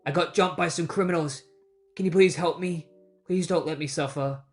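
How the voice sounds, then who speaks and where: An injured guard softly pleading for help, voiced by a comic recapper close to their own voice. The delivery is quieter than the recapper's usual talk. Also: mid-range voice, normal speed, faint music behind, lightly acted.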